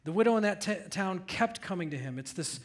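Middle-aged guy preaching, kinda high voice, gets loud and animated telling stories. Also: fairly quick. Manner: animated storytelling, voice rising when recounting raised voice. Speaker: pastor. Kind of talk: sermon.

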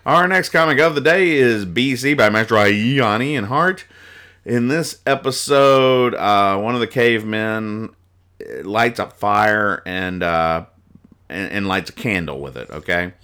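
A man hosting a casual podcast where he reads comic strips aloud, talking in a rambling, halting way and laughing at his own explanations. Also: on the low side, pushed and bright, clear, resonant tone. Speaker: podcast host.

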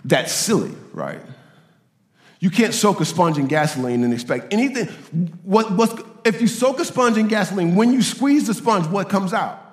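A man preaching a sermon, animated and given to repeating his points and acting out quoted voices. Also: high-pitched, normal speed, roomy sound, big-room sound. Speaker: pastor.

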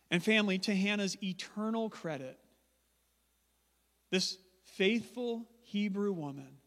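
A male pastor preaching a sermon in a church, conversational and emphatic with humorous asides. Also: high-pitched. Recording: long church hall reverb.

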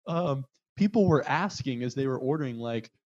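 A man co-hosting a casual chat, telling a road-trip story with lively acted-out quotes. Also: normal speed. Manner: animated, acts out quotes in loud high voices. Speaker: podcast co-host. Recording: dull, dry lo-fi sound.

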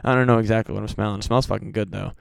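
Worn-out podcast host, a man from the Midwest, flat delivery, very clear dry sound, loose and profane. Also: fairly low pitch, rapid-fire, no room sound. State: very tired. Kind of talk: casual solo podcast chat. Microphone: home podcast mic.

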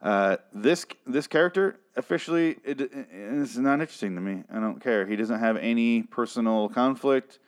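A man's voice: mid-range voice, moderate pace, few pauses. A man ranting sarcastically and with lots of swearing while reviewing a TV episode in casual talk. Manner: profane, exasperated, sarcastic.

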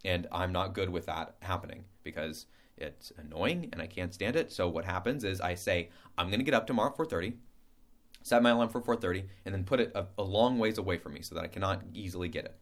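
A man talks through a relaxed lesson in a loose, rambling way. He trips over his own words, restarts, and fills gaps with playful scat sounds. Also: low-pitched, a little fast. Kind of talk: casual spoken lesson.

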